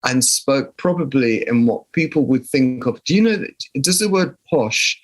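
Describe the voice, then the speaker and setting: A man's voice: mid-range voice, expressive, moderate pace. Older man with a southern English accent. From southern England. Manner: reflective, storytelling with frequent restarts. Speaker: guest musician. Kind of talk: conversational interview.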